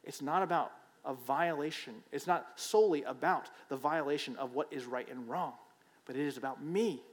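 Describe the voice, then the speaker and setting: A man with a fairly high voice preaches in a relaxed, conversational way and often checks in with his listeners. He presses his points with emphatic swells. His voice carries a long hall reverb. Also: moderate pace. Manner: conversational, emphatic, repeats "right?". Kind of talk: sermon.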